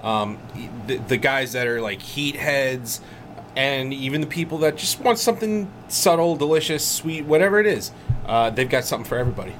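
A man co-hosting a podcast, giving relaxed, salesy sponsor pitches in casual chat. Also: normal speed, a little hiss or hum. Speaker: podcast co-host.

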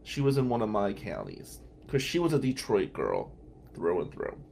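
A man's voice: fairly low pitch, wildly swooping pitch, moderate pace, creaky, a little mellow, slight background noise. A man from New Jersey, a podcast host and defense lawyer, telling casual, blunt stories in tribute. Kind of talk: storytelling tribute.

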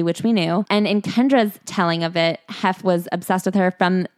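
A woman co-hosting a podcast, retelling a memoir in a gossipy, animated casual chat. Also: mid-range voice, a little fast, hardly any pauses, dry recording, studio quality. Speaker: podcast co-host.

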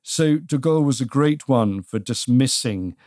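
A man's voice: medium pitch, expressive, a little slow, darkish tone, dry recording. Wry British man on a dry mic. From Britain. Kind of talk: casual history podcast chat.

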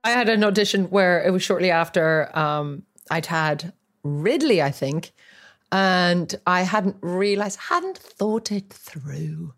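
A middle-aged woman with an Irish accent tells funny, self-mocking stories in a casual chat. Her pitch moves in wide swings, which makes her delivery animated. She talks as a co-host. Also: slow. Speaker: podcast co-host, actress, mother.

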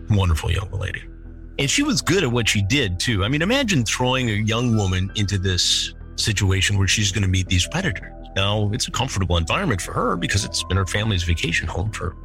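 A man's voice: low-pitched, fairly bright tone. A middle-aged man hosting a true-crime podcast, reading chat logs aloud and adding incredulous, indignant commentary. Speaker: podcast host.

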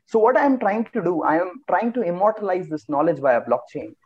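A man's voice: high-pitched, husky, dull audio. A man from India, a podcast guest on a video call, talking in a casual, joking way and laughing often. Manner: laughing, joking, quick excitable bursts.

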